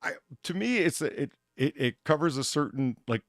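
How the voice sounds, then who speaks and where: A man's voice: fairly high pitch, expressive, normal speed, no echo, studio quality. An American man in his thirties hosting a podcast, rambling and swearing as he gives opinions and reads news. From United States. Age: 30s. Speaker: podcast host. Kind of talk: casual chat, reading news.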